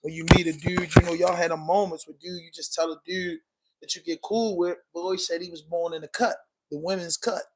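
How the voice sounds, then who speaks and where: Man, Baltimore accent, slangy livestream host, a bit high-voiced, reading chat aloud. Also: fairly even intonation, fairly quick, slight background noise. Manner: loose and slangy, reading out and answering viewer comments. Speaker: podcast host.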